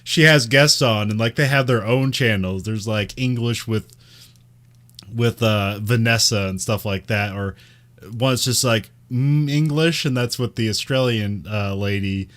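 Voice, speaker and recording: American man, podcast co-host, low voice, rambling casual chat, many fillers, laughs often. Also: measured pace, a bit bright.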